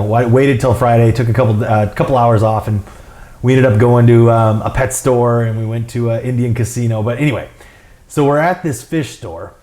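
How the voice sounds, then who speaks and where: A man's voice: medium pitch, darkish tone. Rambling, chuckling man vlogging. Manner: rambling, with many fillers and restarts; chuckles often while telling stories. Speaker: fitness and nutrition coach. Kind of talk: casual vlog talk.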